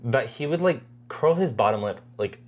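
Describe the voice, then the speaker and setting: Crowd noise surrounds a young adult woman whose voice is extremely low-pitched yet lively in intonation, at normal speed. As a podcast co-host in casual conversation, she's chatty, laughs frequently, and says "like" constantly among other fillers.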